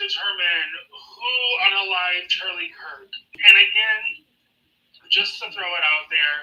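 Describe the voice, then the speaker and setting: A man's voice: on the high side, bright, forceful tone, far from the mic. A man speaking as a guest in a live political talk, rambling, emphatic and blunt, recorded in a roomy space away from the mic. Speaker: guest creator.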